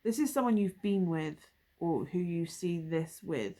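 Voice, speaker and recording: A woman's voice: fairly low pitch, expressive, measured pace, warm tone. A woman doing a casual tarot reading, musing and thinking aloud as she turns over cards, with trailing asides. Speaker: tarot reader.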